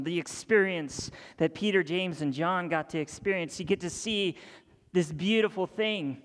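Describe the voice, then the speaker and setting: Young male preacher, high-pitched, dramatic and intimate delivery, recorded in a big hall with long reverb. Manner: dramatic storytelling, dropping to near-whispers and rising to excited high voices. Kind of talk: sermon.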